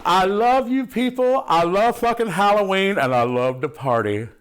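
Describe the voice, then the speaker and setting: A man's voice: high voice, animated, normal speed, clear, resonant tone. A man playing a brash, foul-mouthed movie buff in a comic monologue, rambling and loose, full of swearing and "ain't". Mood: excited. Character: brash foul-mouthed man gushing about horror films.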